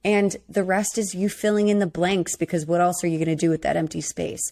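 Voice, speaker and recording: Blunt, lower-voiced woman co-host. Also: level tone, a little fast, darkish tone. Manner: blunt and candid, swears freely. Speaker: podcast co-host. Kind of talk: casual chat reacting to a dating show.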